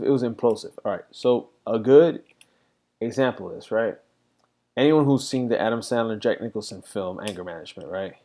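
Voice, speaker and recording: A man's voice: fairly low pitch, darkish tone. A middle-aged man reflecting candidly in a rambling casual monologue, full of fillers. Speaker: vlogger.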